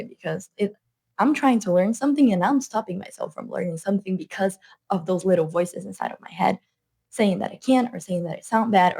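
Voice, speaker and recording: A woman's voice: medium pitch, a little mellow. A woman with a non-native accent, a language coach giving an earnest motivational talk to camera, repeating her points for emphasis.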